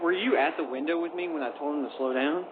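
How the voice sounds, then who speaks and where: A man's voice: fairly high pitch, fast. A young man animatedly recounting a prank with friends, laughing and acting out what was said. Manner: animated, laughs, acts out voices. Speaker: friend telling a story. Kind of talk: casual storytelling. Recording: lo-fi phone-like recording with noise.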